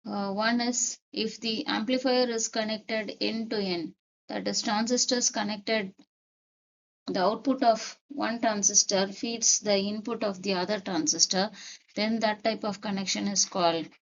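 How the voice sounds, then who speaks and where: A woman lectures in a measured, step-by-step way, going back over each key point to be sure it lands. Her voice has a gravelly, creaky edge. The recording sounds muffled and lo-fi. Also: medium pitch, steady tone. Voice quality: repeats key points deliberately. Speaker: teacher.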